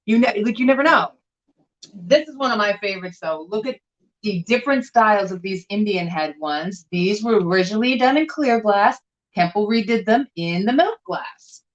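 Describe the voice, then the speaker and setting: Woman live seller, chatty and animated, slightly dull stream audio. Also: mid-range voice, normal speed. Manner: chatty, animated, showing items to camera. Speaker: vintage glass seller and co-host. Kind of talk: casual live-stream chat.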